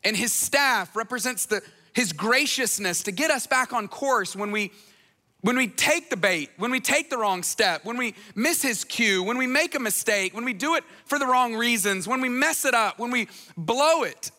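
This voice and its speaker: A pastor delivers a conversational sermon, now and then dropping into playful voices for the people he quotes. His voice sits high and bright. A long hall reverb trails after each phrase. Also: animated, normal speed.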